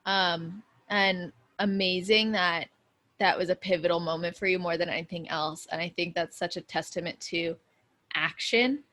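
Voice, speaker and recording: A woman's voice: lowish voice, fairly even intonation, moderate pace, pushed and bright. A woman hosting a podcast interview, effusive and affirming, talking casually with lots of fillers. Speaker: podcast host.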